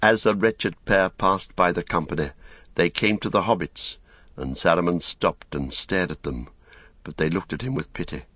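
Deep husky male audiobook narrator. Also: moderate pace, a bit bright, no echo, studio quality. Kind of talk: scripted narration.

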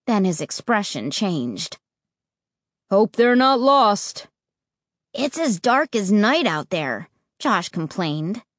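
A woman's voice: mid-range voice, dry recording, studio quality. A woman narrating a storybook and voicing its characters' lines. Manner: lively, acts out the characters' lines. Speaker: audiobook narrator.

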